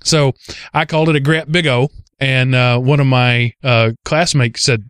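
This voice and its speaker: Man, podcast host, from the American South, animated storyteller, casual chat, dry close mic. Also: moderate pace, smooth, dry recording. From Southern United States. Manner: animated storyteller, lively rises in pitch.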